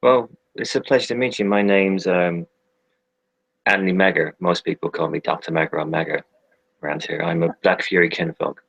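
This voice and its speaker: A man playing a polite doctor with a low, gravelly voice. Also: fairly even intonation, a little fast, fairly bright tone, dry recording, highs cut off, full character voice. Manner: polite, hesitant questioning. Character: polite, curious adult male doctor.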